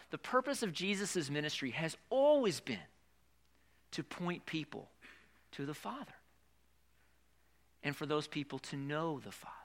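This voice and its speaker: A man preaching a sermon, talking to the congregation with rhetorical questions and sudden drops from loud emphasis to hushed whispers. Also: high-pitched. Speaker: pastor.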